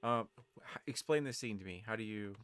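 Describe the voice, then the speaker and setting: A man's voice: lowish voice, brisk, a bit bright, clean tone, no room sound. A man running a tabletop game as game master, narrating and laughing easily. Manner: laughs often, easygoing.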